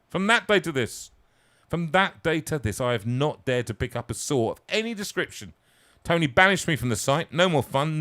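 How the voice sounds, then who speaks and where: A man reading his own story aloud live, with wry, self-mocking asides. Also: mid-range voice. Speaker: singer and storyteller.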